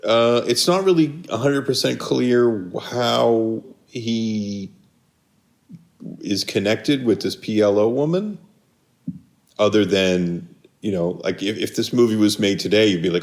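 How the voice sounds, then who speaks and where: A man's voice: on the low side, slow pace, a little mellow. A man co-hosting a casual film podcast, rambling and restarting as he searches for names. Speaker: podcast co-host.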